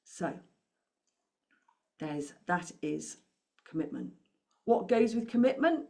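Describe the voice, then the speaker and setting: A woman's voice: lowish voice, big pitch swings, slow pace, gravelly, long pauses, warm tone. A woman speaking as a money coach, giving an encouraging talk to camera and asking the listener questions.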